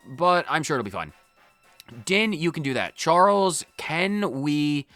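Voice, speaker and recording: A man's voice: mid-range voice, expressive, moderate pace, fairly bright tone, faint music behind. A man hosting a video game playthrough, joking around and chatting goofily with the game's characters. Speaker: let's play host.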